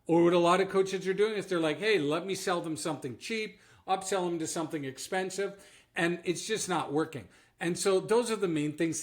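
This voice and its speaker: A Canadian-accented man coaches other business owners in a direct-to-camera talk, his voice sitting a little high for a man. He is emphatic and keeps checking in with his listeners as he drives each point home.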